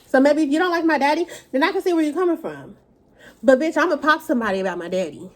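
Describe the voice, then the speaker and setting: A woman's voice: high-pitched, lively intonation, quick pace. A woman vlogger talking while she eats, in a blunt, profane, casual rant. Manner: talks while eating.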